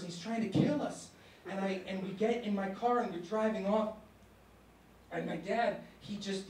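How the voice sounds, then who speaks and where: A young man performing a stand-up set on a university stage, telling it in a halting way with many restarts. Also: high voice, darkish tone, slight background noise. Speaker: stand-up comedian. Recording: echoey room, from far off.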